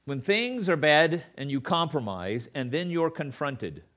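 Pastor, male, preaching with an animated, lively voice and mocking asides. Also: a little high, a little slow. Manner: animated, acts out quoted voices with sarcasm. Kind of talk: sermon.

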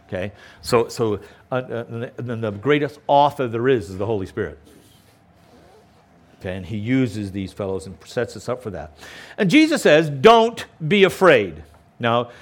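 A pastor preaching a sermon outdoors by a lakeshore, emphatic and often checking in with the listeners. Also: male voice, mid-range voice. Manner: emphatic, keeps checking in with "okay?".

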